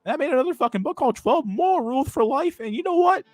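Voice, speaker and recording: A man's voice: extremely high pitch, expressive, quick pace, no echo, pitched above the performer's own voice. A smug older guru figure lectures and taunts in a pushed-up, swooping voice, put on by a man. He is crude and gloating, with a dry, close sound. Faint music plays behind him. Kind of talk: parody impression on a livestream.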